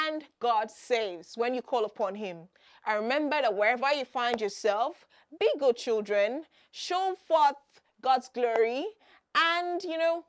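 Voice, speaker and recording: A woman hosting a children's Bible program. She asks the children questions, then answers them herself and repeats the key points with emphasis. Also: high voice. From Nigeria.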